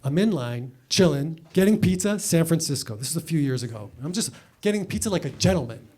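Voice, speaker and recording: A young adult man telling stand-up comedy stories with sarcastic, animated delivery and sudden loud bursts. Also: a little high, a little fast, breathy edge.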